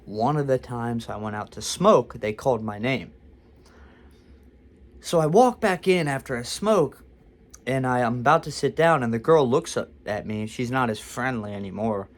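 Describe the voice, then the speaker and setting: A man's voice: medium pitch, normal speed. A man telling a storytime story to camera, rambling and self-deprecating with frequent restarts. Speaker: vlogger. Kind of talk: storytime monologue.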